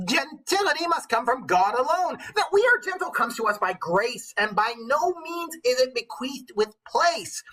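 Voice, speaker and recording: A man's voice: very high voice, very animated, moderate pace, few pauses, sharp tone, voice pushed up, exaggerated voice, low-quality recording. A man voicing a shrewd old woman who lectures her knight husband, in a witchy voice, as a dramatic verse read-aloud. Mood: lecturing. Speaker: teacher.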